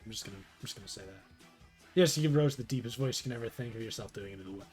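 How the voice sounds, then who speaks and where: A man's voice: mid-range voice, very fast, darkish tone, soft background music. A young man chatting casually on a live stream, rambling and self-deprecating, with frequent restarts. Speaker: streamer reading a webcomic aloud.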